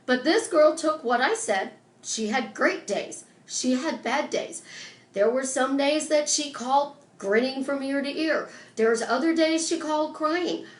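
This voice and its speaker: Woman life coach, motivational live stream delivery, animated and emphatic, high voice, echoey room sound. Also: a little slow. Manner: emphatic and animated, acting out little dialogues.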